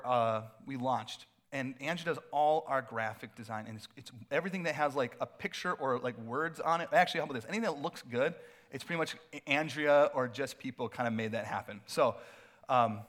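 Male pastor, middle-aged, a bit high-voiced, loose and playful delivery from the pulpit. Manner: casual, animated preaching with playful asides. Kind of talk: sermon.

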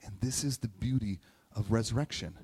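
A man's voice: fairly low pitch, brisk, darkish tone, slightly rough. A man preaching a conversational sermon, emotional and close to tears at times, who keeps asking "right?". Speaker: pastor. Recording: long hall reverb.

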